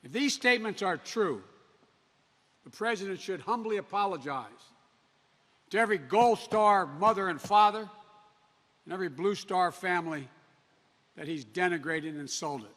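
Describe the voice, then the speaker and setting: A man's voice: high-pitched, moderate pace, pauses often, fairly bright tone. A man giving a prepared political speech in an indignant, emphatic manner. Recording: long reverb with noise.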